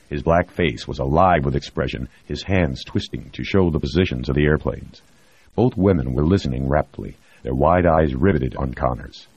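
A man reading a novel aloud in a steady, measured scripted narration. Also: rumbling low, slightly rough, no room sound. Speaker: audiobook narrator. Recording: dry, dull lo-fi recording.

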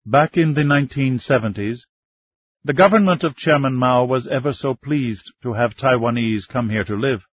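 Husky male narrator, steady read, dry lo-fi audio. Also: mid-range voice, moderate pace, no room sound. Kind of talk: scripted narration. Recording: dull lo-fi dry recording.

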